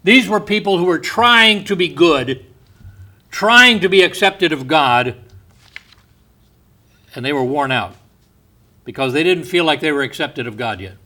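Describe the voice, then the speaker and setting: Male pastor, sermon delivery, slightly high voice, unhurried, hushed on quotes. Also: expressive. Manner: slow, deliberate delivery, dropping soft on quoted words. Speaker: preacher.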